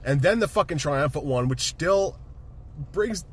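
A man casually retelling a movie with excitement, swearing freely and laughing often. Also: fairly high pitch, moderate pace, slightly rough. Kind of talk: casual chat, movie recap.

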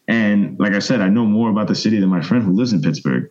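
A man in his thirties, a guest telling long, animated stories and acting out other people's voices. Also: on the low side, quick pace, hardly any pauses, muffled recording. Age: 30s. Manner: rambling, animated storyteller, mimics voices. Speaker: interview guest. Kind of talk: casual storytelling interview.

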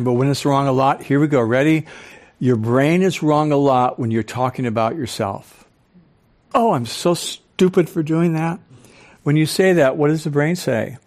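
An older man giving a live lecture to an audience as a speaker and professor, animated, often quizzing listeners with questions. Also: fairly high pitch. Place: club hall with a live audience.

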